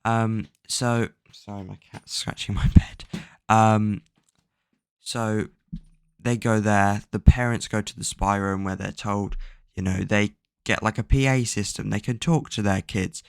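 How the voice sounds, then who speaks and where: A man's voice: on the low side, fairly even intonation, a little slow, creaky, smooth, no room sound, studio quality. A man casually recapping a book's plot at home, rambling with lots of fillers and frequent swearing. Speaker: book plot summarizer. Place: at home, bedroom with a cat.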